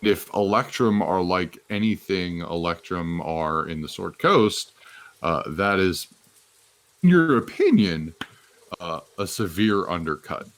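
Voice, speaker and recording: A man running a tabletop game as game master, narrating in a slow, unhurried way with frequent ums and uhs. His voice sits on the low side, recorded on a home mic over voice chat. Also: expressive. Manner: hesitant, with many fillers.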